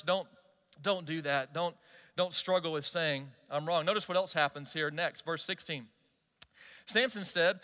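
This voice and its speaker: High, bright-voiced pastor preaching in a hall. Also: male voice. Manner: animated, conversational preaching with direct questions to listeners. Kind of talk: sermon.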